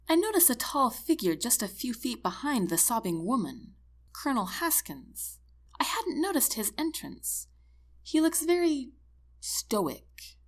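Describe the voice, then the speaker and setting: A woman narrates a first-person novel in an expressive, animated voice of middle pitch. Her delivery moves freely up and down, and she sinks into a hushed whisper for inner thoughts. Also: a little slow. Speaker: audiobook narrator.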